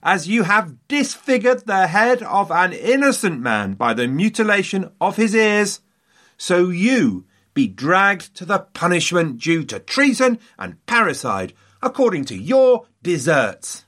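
A man voicing an enraged, defiant male citizen who yells his accusations in a declaiming way. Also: sits high, sing-song, measured pace, pitched above the performer's own voice, full character voice. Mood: furious. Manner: yelling, declamatory.

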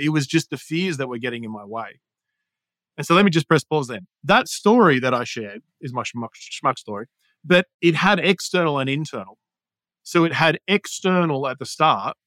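A man's voice: mid-range voice, no echo. Upbeat man coaching, laughing easily. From Australia. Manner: energetic, laughs often, puts on quoted voices. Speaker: storytelling and sales coach. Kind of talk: podcast interview.

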